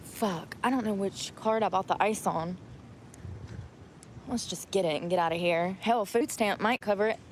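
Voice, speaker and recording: A woman's voice: mid-range voice, moderate pace, slight background noise. A woman vlogging casually, talking bluntly and swearing freely as she vents about her day. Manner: blunt and profane, venting. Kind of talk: casual vlog chat.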